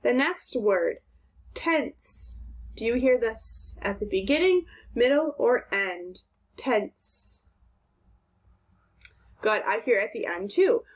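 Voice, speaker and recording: A woman teacher giving a recorded phonics lesson to second graders, sounding out words clearly and answering her own questions. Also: on the high side, animated, slow pace, long pauses.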